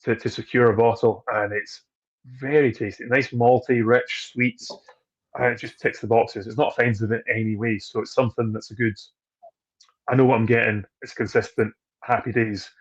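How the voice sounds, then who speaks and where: A man's voice: medium pitch, fairly even intonation, normal speed, husky, muffled recording. A man, a distillery trade guest chatting casually on a video call, talking freely with restarts and frequent laughs. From Scotland.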